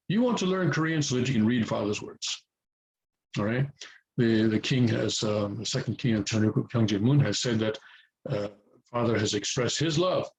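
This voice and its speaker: A man's voice: mid-range voice, a little mellow, poor audio. Hesitant man giving a casual lesson. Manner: hesitant, many fillers and restarts. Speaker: language teacher. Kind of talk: casual spoken lesson to viewers.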